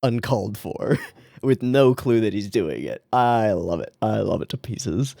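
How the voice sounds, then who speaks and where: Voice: mid-range voice, animated, measured pace, vocal fry, mellow, no echo, studio quality. A young adult anime reaction host giving casual, joking commentary, swearing freely and laughing often.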